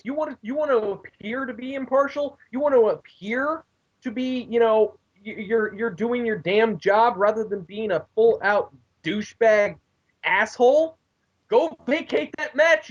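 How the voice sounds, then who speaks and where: A podcaster voicing a rude, smug male wrestling boss in a shouting, swearing rant. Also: mid-range voice, moderate pace, few pauses, husky, voice pushed up, natural voice. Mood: furious. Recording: lo-fi online call.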